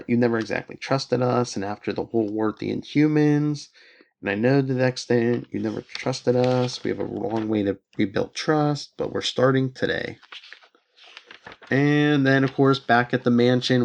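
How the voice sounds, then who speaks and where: A man's voice: mid-range voice, fairly even intonation, moderate pace, vocal fry, lo-fi sound, slight background noise. A man co-hosting a podcast, casually recapping comic book plots and reading the characters' lines aloud with the odd laugh. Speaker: podcast co-host.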